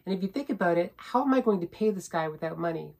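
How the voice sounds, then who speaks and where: A woman vlogger tells a personal story in a rambling, repetitive way, often tacking on "right?" and growing indignant as she builds emphasis on her points. Her voice is fairly low, expressive and a little mellow, fast-talking with vocal fry.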